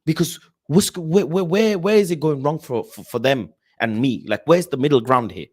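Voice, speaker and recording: Young guy ranting about football on his stream, kinda high voice, gets loud then mutters. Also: normal speed, breathy edge. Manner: animated, passionate, swinging between loud rants and low asides. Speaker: football livestream host. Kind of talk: casual live-stream chat reading super chats.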